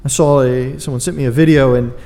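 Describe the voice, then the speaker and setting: A man's voice: mid-range voice, steady tone, fairly quick, dark tone, in a large hall. A man preaching a sermon, earnest and emphatic, with dry asides to his congregation. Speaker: pastor.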